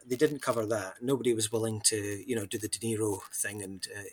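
A man's voice: lowish voice, fairly even intonation, fast talker, background noise. A man, co-hosting a podcast in casual discussion, rambling animatedly with many fillers and restarts. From Scotland. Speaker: podcast co-host.

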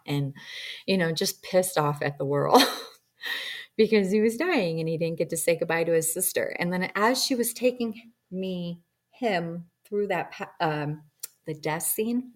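A woman's voice: fairly low pitch, lively intonation, a little slow. A woman recounting a personal experience in a rambling, reflective way, full of ums and you-knows. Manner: acts out quoted dialogue in shifting voices. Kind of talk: personal storytelling about a past-life regression session.

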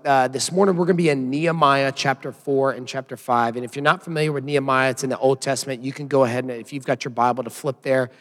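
A hoarse man in his thirties speaks as a pastor, his voice worn from yelling. He talks in a loose, chatty way, sprinkling in self-deprecating asides. His voice hangs in a long hall reverb at an ordinary mid pitch. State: hoarse from yelling while coaching. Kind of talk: church announcements and sermon opening.

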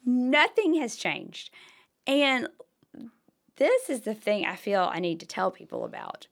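A woman with a hoarse voice, co-hosting a podcast and telling a story in animated casual chat with whispered asides. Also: medium pitch, a little slow. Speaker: podcast co-host.

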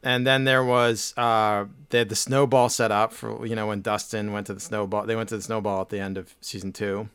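A man's voice: fairly low pitch, level tone, a little fast, hardly any pauses, fairly bright tone, clear, resonant tone, no room sound. A man co-hosting a podcast, telling a rambling story in casual chat with lots of fillers and restarts. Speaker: podcast co-host.

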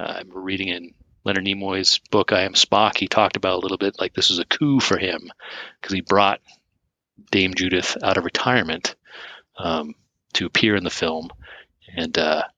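Gravelly-voiced male podcast co-host. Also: low voice, fairly even intonation, normal speed, pushed and bright. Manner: rambling, many fillers and restarts. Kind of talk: casual chat.

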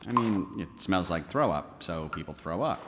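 An actor playing a laid-back, musing police officer. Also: male voice, low voice, lively intonation, normal speed, long reverb tail, background noise.

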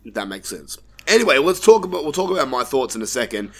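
A man's voice: mid-range voice, big pitch swings, quick pace, husky. Australian man, laid-back film chat. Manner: laid-back, swears freely, frequent restarts. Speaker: podcast host. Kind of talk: casual film review chat.

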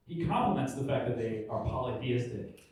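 A man talking casually about the Bible like a pastor, animated and humorous as he tells stories. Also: medium pitch, fairly quick. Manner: animated, humorous storytelling with acted-out quotes. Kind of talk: casual preaching talk. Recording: echoey room, far from the mic.

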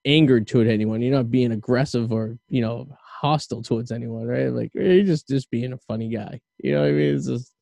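Mellow, dry-voiced male podcast host. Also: medium pitch, a little fast, vocal fry, few pauses, no echo. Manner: rambling, self-deprecating, lots of "you know". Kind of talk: casual chat.

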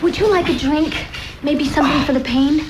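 An actress playing a chirpy, eager hostess offering drinks, heard in a film clip. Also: female voice, sits high, fairly quick, natural voice. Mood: bubbly. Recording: film clip with loud background noise.

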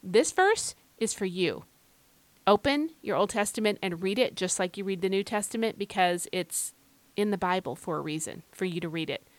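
A woman's voice: medium pitch, expressive, normal speed, dry recording. An Irish woman hosting a devotional podcast, talking in an earnest, encouraging, conversational way. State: recovering from feeling unwell. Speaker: podcast host. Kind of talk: devotional Bible podcast talk.

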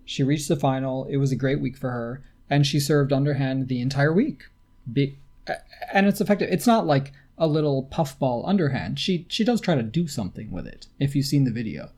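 A man's voice: mid-range voice, expressive, fairly quick, darkish tone. A man co-hosting a casual podcast, amused and laughing often as he chats. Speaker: podcast co-host.

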